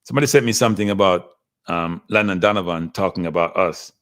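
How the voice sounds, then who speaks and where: A man with a slightly low voice hosts a casual livestream about football. He talks in an animated way, calling out to his viewers and answering their comments as they come in. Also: fast talker. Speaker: livestream host.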